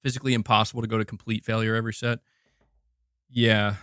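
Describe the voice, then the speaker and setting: A young man hosting a casual live stream, excitedly thanking members and chatting while doing curls. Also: fairly low pitch, fast talker, clear, resonant tone, dry recording, studio quality. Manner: excitable, reads out member gifts, chats while exercising. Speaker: livestream host.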